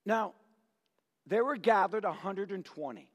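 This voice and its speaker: An older male pastor delivers a sermon in an unhurried, emotive way. His voice sits high for a man, and he mixes stories and jokes with frequent chuckles. The sound carries a long reverb from a church sanctuary. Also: animated.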